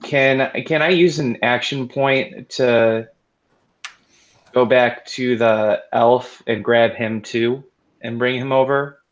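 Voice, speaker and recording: Playing a tabletop game, a man asks about the rules and adds up his damage. His medium-pitched voice is steady and slow, captured on a dull lo-fi mic with a little hiss or hum.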